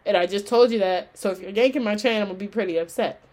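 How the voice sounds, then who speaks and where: A woman vlogger and online college student telling a story casually, animated, repeating phrases and using slang. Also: medium pitch, fast.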